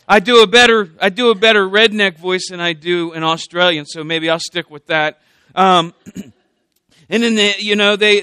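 Joking high-voiced preacher man. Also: sharp tone, smooth, no room sound. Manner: joking, conversational, checks in with the congregation. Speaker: candidate pastor preaching. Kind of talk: sermon.

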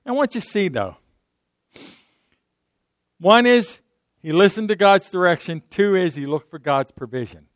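A male pastor preaching a sermon, lively and jokey, asking the audience questions. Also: high voice, a little slow, pauses often, no echo, clean studio sound.

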